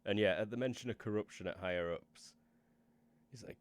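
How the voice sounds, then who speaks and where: A man's voice: lowish voice, fairly quick, a little hiss or hum. A man, running a tabletop game and casually recapping the story. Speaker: game master.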